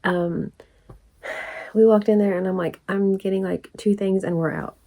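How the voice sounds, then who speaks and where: A woman, telling a rambling story in a casual vlog, laughing often and dropping into soft asides. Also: mid-range voice, fairly even intonation, moderate pace. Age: 40s. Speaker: crochet vlogger.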